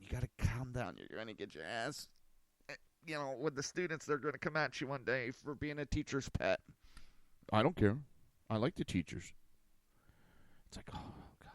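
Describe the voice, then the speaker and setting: A man's voice: mid-range voice, dry recording. A middle-aged man hosting a podcast, telling family stories in a blunt, crude, casual way and acting out what people said. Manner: blunt, crude, animated storyteller acting out quotes. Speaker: podcast host. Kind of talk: casual storytelling monologue.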